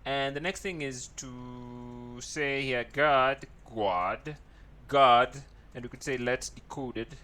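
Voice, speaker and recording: A man leads a screen-recorded coding tutorial, speaking slowly at a medium pitch with a sharp tone. As he types he reasons aloud, often pausing to ask "right?".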